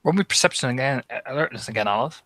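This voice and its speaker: A man's voice: mid-range voice, expressive, rapid-fire, a bit bright, no echo. A man narrating as game master of a tabletop horror game, dramatic and imitating heartbeats. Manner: dramatic, mimics heartbeat sounds.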